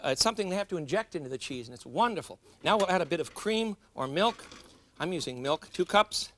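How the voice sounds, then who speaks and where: A man's voice: on the high side, expressive, fast, fairly bright tone, slight background noise. A middle-aged man hosting a cooking show, chatting and joking with viewers as he demonstrates a recipe. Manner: chatty, jokes with viewers, laughs at himself. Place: studio kitchen.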